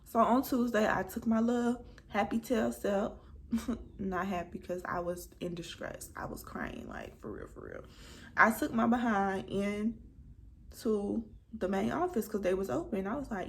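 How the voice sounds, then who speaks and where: Gravelly-voiced woman telling a story. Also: mid-range voice, moderate pace, a little hiss or hum. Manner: animated, dramatic retelling with quoted dialogue. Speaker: vlogger. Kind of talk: casual storytime chat.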